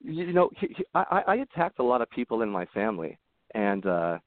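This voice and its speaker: A man's voice: on the low side, sing-song, brisk, dry recording. A man talking as a podcast guest, telling personal stories in a rambling, earnest way with frequent restarts. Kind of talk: casual interview storytelling. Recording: tinny phone-like line, dry.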